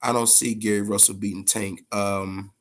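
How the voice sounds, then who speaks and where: A man hosting a boxing podcast, talking casually and profanely, telling stories in an animated way with big swings in pitch. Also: moderate pace. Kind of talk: casual unscripted commentary.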